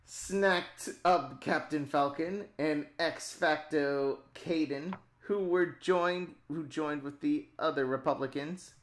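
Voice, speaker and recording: A woman narrating a silly improvised tale for friends on a livestream. She talks at an unhurried pace and keeps slipping into giggles. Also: sits low. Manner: giggly, often breaking into laughter mid-story. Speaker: storyteller. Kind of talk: casual comedic storytelling on a stream.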